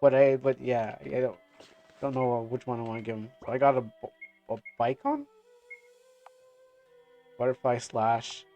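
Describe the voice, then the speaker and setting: A man's voice: mid-range voice, fairly even intonation, unhurried, long pauses, mellow, lo-fi sound, faint music behind. A man streaming a game, rambling through casual commentary with lots of fillers and restarts. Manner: rambling, many fillers and restarts, laughs often. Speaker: gaming streamer.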